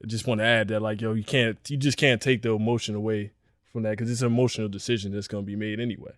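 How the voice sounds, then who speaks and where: A man's voice: fairly low pitch, flat delivery, fast, no echo, studio quality. Earnest man thinking aloud on a podcast. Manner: earnest, repeats himself while thinking aloud. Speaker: podcast co-host. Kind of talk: casual podcast chat.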